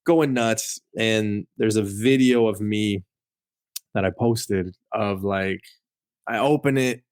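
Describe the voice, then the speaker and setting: A Canadian comic collector, a guest on a studio podcast, tells a long personal story in casual chat. He's an animated storyteller who fills his speech with "like" and acts out quoted lines, in a lowish, smooth voice at a slow pace with no echo.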